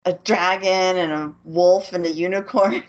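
Female podcast co-host, slow and easygoing, laughs a lot, muffled lo-fi sound. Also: lowish voice, steady tone. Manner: laughs often, unhurried recap. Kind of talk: casual chat recapping an anime.

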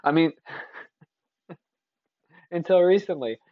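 A man's voice: fairly high pitch, takes it slowly, dry recording. Opinionated rambling man, dull dry sound. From Texas. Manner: opinionated, rambling, with frequent restarts. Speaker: podcast host. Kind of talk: casual solo podcast commentary.

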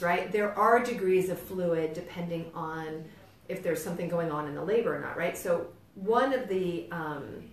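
New York-accented woman teaching, roomy distant sound. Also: mid-range voice. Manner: explanatory, checks in with "right?" often. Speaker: midwife or birth educator. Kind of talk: instructional demonstration. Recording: roomy, distant mic, faint ambience.

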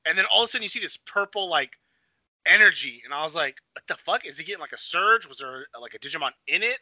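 A young man with a high, lively voice talks in an excited rush, swearing freely and breaking into loud acted-out shouts. His tone is very bright and sharp. The sound is dry and a little dull. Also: quick pace, dry recording. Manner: excitable, swears a lot, acts out scenes in shouts. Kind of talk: excited casual chat.

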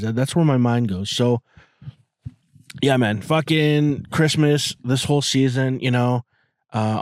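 A man in his forties talks in a loose, rambling podcast monologue, swearing and piling up fillers. His voice sits at an ordinary pitch, and the recording is dry and close with no room sound around it. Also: a little mellow, no room sound. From outside the US. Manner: rambling, profane, full of fillers. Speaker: podcast host. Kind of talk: casual monologue.

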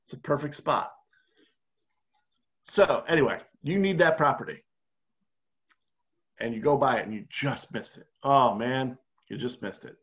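A man co-hosting a podcast, telling a step-by-step scenario in a casual, animated way. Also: mid-range voice, a little slow, long pauses, highs cut off. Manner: animated storyteller, walks through a game scenario step by step. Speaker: podcast co-host. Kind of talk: casual conversational explaining.

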